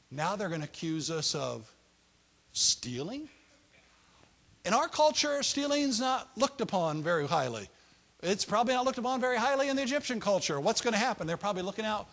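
A male preacher delivers a sermon in a relaxed, conversational style. He is playful, with joking asides, and his voice sits a little high for a man. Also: normal speed, long pauses.

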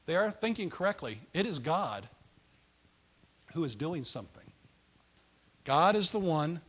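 A man's voice: fairly high pitch, animated, normal speed, long pauses, bright, forceful tone. A man preaching a sermon in a playful, conversational way with joking asides.

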